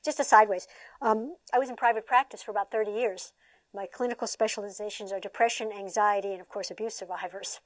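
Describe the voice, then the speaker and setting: An older woman, a trainer and former therapist, lecturing a seated audience at a workshop in an animated, conversational way, often asking the room rhetorical questions. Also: medium pitch, quick pace, no room sound.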